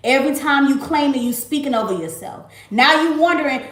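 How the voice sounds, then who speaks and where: A woman's voice: high voice, animated, fairly quick, few pauses, a bit bright. A woman in her late twenties from Miami, giving an emphatic, repetitive faith testimony on a casual livestream and calling her viewers y'all. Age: late 20s. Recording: roomy echo.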